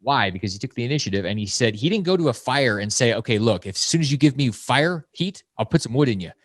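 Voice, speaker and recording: A man in his forties, a podcast guest, talking bluntly and emphatically, jumping into loud mocking quotes. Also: medium pitch, expressive, fast talker, no echo. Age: 40s. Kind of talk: fast, blunt podcast talk.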